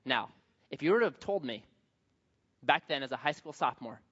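Animated storytelling male pastor. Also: medium pitch, fairly quick, husky, highs cut off. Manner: animated storytelling with acted quotes. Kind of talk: sermon.

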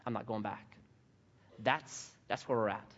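A man's voice: on the low side, a little slow. A man preaching a sermon as pastor, telling funny stories and repeating lines for emphasis. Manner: animated, humorous storytelling with emphatic repetition. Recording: dull sound, long hall reverb.

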